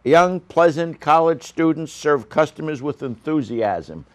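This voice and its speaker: A man's voice: fairly high pitch, expressive, measured pace. A man giving a casual, rambling restaurant review on a local news show, full of fillers and asides. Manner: rambling, with frequent fillers and coughs.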